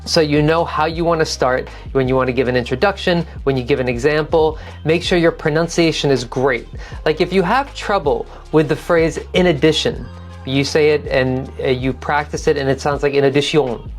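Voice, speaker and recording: A woman's voice: low voice, moderate pace, faint music behind. A woman teaching an online test-prep lesson, practical and encouraging, repeating key phrases to model how they should sound. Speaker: TOEFL teacher.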